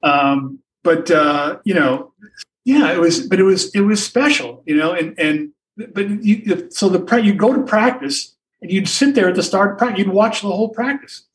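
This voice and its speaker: A man's voice: sits high, normal speed, recorded from a distance, poor audio. An older man, a sportswriter guest, telling stories in a rambling way with many restarts and asides. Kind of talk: anecdotal storytelling in a podcast interview.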